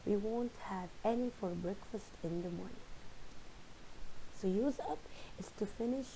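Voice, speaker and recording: A woman teaching a recorded English lesson at an unhurried pace. Her voice is mellow and relaxed as she explains each phrasal verb and reads out example sentences. A faint hiss sits under the recording. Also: mid-range voice, low-quality recording.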